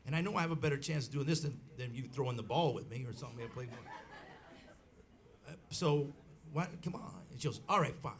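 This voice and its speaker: A middle-aged bandleader telling a rambling story on stage at a live club, with many restarts and acted quotes. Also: male voice, mid-range voice, fast. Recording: live club recording with faint crowd noise.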